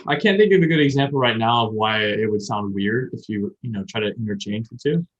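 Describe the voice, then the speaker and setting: A man's voice: lowish voice, fairly quick, slightly rough, muffled recording. Rambling man explaining Japanese words. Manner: rambling, explains with many fillers and restarts. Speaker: podcast co-host. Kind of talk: casual chat about learning Japanese.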